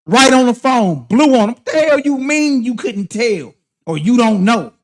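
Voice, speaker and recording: A man's voice: very high voice, lively intonation, moderate pace. A man hosting a livestream, preaching and confronting his critics in heated, slang-heavy commentary. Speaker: livestream host.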